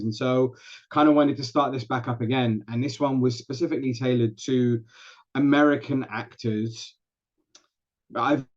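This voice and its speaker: A man's voice: mid-range voice, a little mellow. English man, muffled call audio. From England. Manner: chatty, explains at length with many restarts. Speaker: guest, actor and dialect coach. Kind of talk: casual interview chat.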